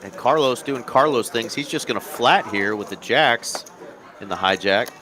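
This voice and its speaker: A man's voice: medium pitch, normal speed, pushed and bright. A man doing chatty, upbeat play-by-play commentary on a live poker stream. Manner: upbeat, chatty, laughs easily. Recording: card room crowd chatter behind. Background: murmur of a busy card room.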